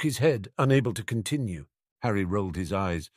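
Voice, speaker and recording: A man narrating a fan fiction audiobook in a brisk, expressive reading. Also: deep voice, husky, no echo, studio quality, soft background music.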